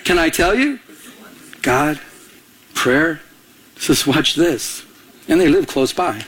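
An animated man preaching a sermon, his fairly high voice rising as he tells the story. He laughs at himself now and then as he preaches. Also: takes it slowly, slightly rough. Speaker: pastor.

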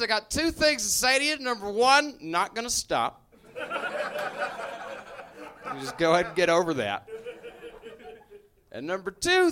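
A man's voice: very high-pitched, sharp tone. A man doing stand-up, speaking wryly and directly to the audience. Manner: wry, addressing the audience directly. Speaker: stand-up comedian. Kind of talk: stand-up comedy routine.

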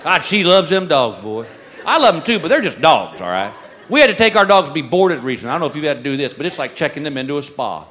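A married man doing a stand-up comedy set, telling stories with deadpan, drawn-out punchlines. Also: fairly high pitch. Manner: deadpan storytelling with drawled punchlines. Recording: live club mic with audience noise. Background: laughing crowd.

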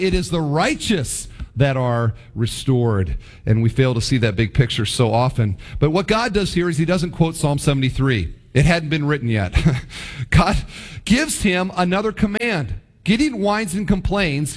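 A man preaching a sermon, acting out biblical characters' voices with big pitch swings. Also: long reverb tail. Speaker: pastor.

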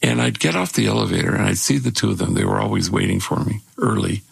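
An older man with a gravelly, husky voice, telling stories in casual conversation as a guest and lifting his voice when he quotes people. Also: fairly low pitch, quick pace, no echo. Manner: animated when acting out quotes. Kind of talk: conversational storytelling.

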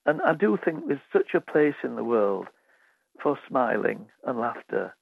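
A man's voice: mid-range voice, big pitch swings, a little slow, creaky, husky, dry recording. A man telling funny anecdotes as a radio guest, acting out the voices of children and teachers. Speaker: author guest. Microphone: phone line. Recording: tinny phone line, dry.

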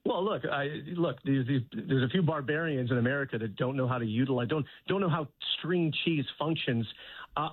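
A man calling into a radio show as a guest, telling a comic story in a mock-serious, deadpan way. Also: on the high side, slightly rough, dry recording. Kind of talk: phone-in interview, humorous. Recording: tinny phone line.

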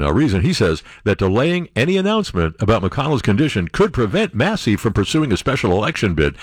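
A man's voice: on the low side, no room sound. A man hosting a talk radio show, riffing sarcastically and breaking into sing-song bits. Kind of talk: opinionated talk radio monologue. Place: radio studio.

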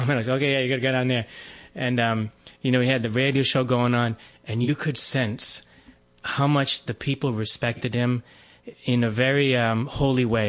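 Priest in his 40s chatting loosely, lots of ums and little laughs. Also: mid-range voice. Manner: relaxed storytelling, laughs often, frequent fillers. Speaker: Catholic priest. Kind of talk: conversational testimony.

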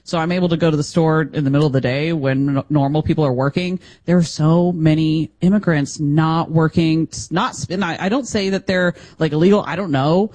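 A man from the United States co-hosting a radio show, telling travel stories in an animated way and laughing often. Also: a little high, a little fast, hardly any pauses. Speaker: radio co-host. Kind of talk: casual radio chat.

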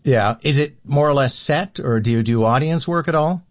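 A man's voice: on the high side, moderate pace, no room sound. A man hosting a broadcast interview, introducing guests and asking questions in a friendly way. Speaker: radio host. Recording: dry, slightly dull studio sound.

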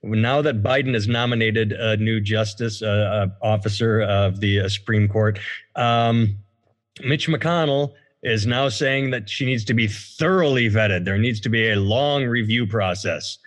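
A man's voice: fairly low pitch, a little slow. Sarcastic male podcast host. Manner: sarcastic, reads news stories aloud. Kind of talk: casual podcast banter.

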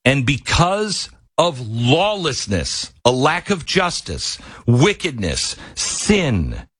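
Middle-aged man, radio host, husky voice, swooping animated pitch, dry close studio mic. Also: slow, no echo. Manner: fiery, rising to near-shouting, then apologetic. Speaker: radio talk show host. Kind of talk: impassioned radio monologue with live ad reads. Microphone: close studio microphone.

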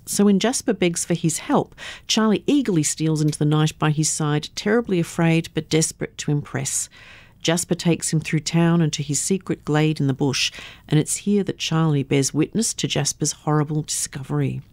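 Low-voiced woman radio host. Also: normal speed, a little mellow, no room sound. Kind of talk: scripted radio presentation.

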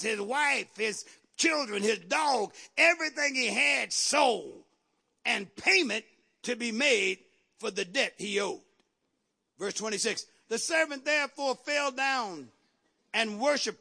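A man preaching a sermon with emphatic repetition and sudden shouted lines. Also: very high voice, creaky. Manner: emphatic, repeats phrases, bursts into shouts.

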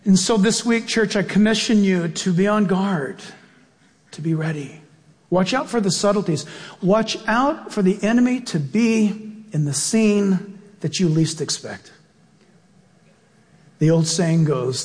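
Brief: earnest male pastor, high voice, slow deliberate preaching, long hall echo. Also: animated. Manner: earnest, drawn-out preaching with prayer. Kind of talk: sermon.

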